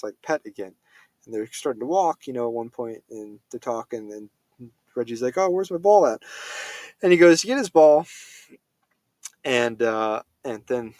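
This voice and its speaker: A man's voice: medium pitch, darkish tone, dry recording. A man giving a casual spoken film review, rambling with many fillers and self-corrections.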